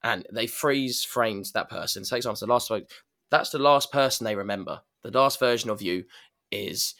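A man's voice: on the low side, normal speed, creaky, sharp tone. A man in casual chat, talking reflectively about personal growth, with many restarts and fillers.

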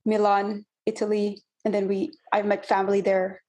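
A woman's voice: mid-range voice, completely flat delivery, moderate pace, warm tone. Chatty young woman, mixed accent. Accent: mixed British, American and Filipino. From Philippines. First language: Filipino language. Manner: rambling, frequent "like" fillers. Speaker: podcast guest. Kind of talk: casual chat.

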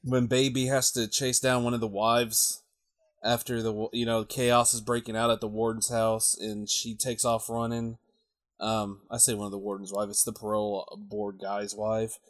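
A man's voice: on the low side, flat delivery. A man in casual chat about a film, chuckling often and chiming in eagerly. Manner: chuckling, eager, quick to chime in.

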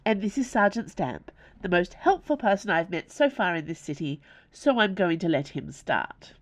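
A woman's voice: on the low side, big pitch swings, normal speed. A woman reading aloud voices a polite, gracious young woman playing hostess.

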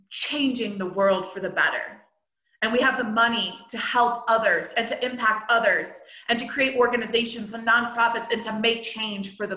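A woman hosting a podcast as a healer business coach, talking in an excited, blunt casual monologue and swearing freely. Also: medium pitch. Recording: roomy echo.

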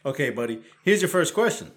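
A man's voice: fairly high pitch, very animated, brisk, a bit bright. A man in his forties hosting a casual podcast, quizzing his young son playfully and teasing with frequent laughs. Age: 40s. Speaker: podcast host and father.

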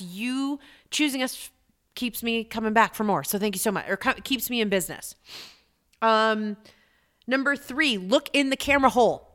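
A middle-aged woman hosting a podcast as a business coach, talking in an energetic, chatty way and repeating points for emphasis. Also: fairly high pitch, moderate pace. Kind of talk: motivational podcast talk.

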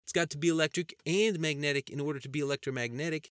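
A brash young rural cousin who whines high and loud, cackling at his own jokes, voiced by a man in a storybook reading. He argues stubbornly and never lets a point drop. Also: fairly even intonation, fast talker, clear, resonant tone, no echo, clean studio sound, lightly acted. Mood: argumentative. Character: rowdy young male country cousin Andy.

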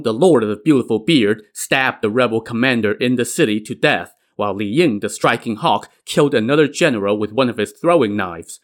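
A man's voice: medium pitch, fairly bright tone. A man narrating a classic adventure tale in a conversational storytelling style, with casual asides to the listener. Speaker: storyteller, podcast host.

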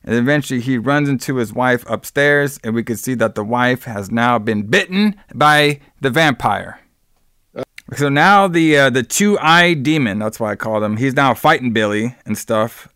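A man's voice: medium pitch, a bit bright, clear, resonant tone, dry recording, clean studio sound. A man co-hosting a podcast, recapping a movie in casual chat and sarcastically acting out bits of it. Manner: sarcastic, acts out characters in quick bits. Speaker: podcast co-host.

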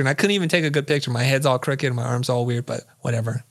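Middle-aged man telling a lively story. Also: medium pitch, very fast. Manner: vivid storyteller who acts out quoted dialogue. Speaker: interview guest. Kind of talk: animated storytelling in conversation.

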